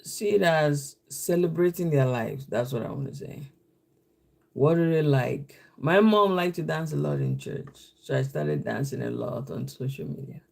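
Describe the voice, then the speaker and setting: A man's voice: fairly high pitch, big pitch swings, moderate pace, gravelly. A man hosting a live stream, telling a rambling story in casual chat.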